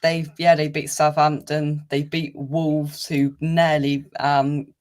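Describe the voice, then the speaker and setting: A man co-hosting a casual football talk stream, giving steady analytical points with the odd "um". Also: a little high, takes it slowly. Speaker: co-host.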